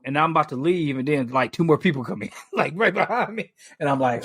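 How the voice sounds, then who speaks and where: Man, casual podcast storytelling, animated, rambling with fillers, slightly high voice, dry sound. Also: brisk, husky, dry recording. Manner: animated, lots of fillers and restarts, swears freely. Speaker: podcast co-host.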